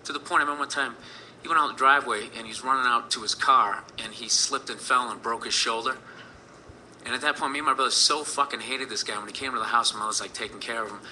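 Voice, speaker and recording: A man's voice: medium pitch, fast talker, sharp tone, slight background noise, rough recording. A man in his thirties telling a personal story in a rambling, profane way, full of fillers.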